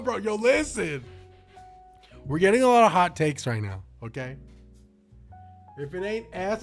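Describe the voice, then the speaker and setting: This is a young man streaming live and chatting loosely with his viewers. His voice sits a bit higher than most men's, and he talks with loud, slangy excitement, swearing and joking freely. Faint music plays quietly behind him. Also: normal speed, pauses often. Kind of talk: casual livestream chat.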